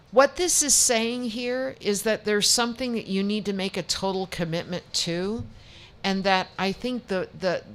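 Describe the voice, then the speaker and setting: A woman's voice: mid-range voice, fairly bright tone. A woman giving a tarot reading as a show guest, chatty and reassuring, often restarting her sentences. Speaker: psychic reader.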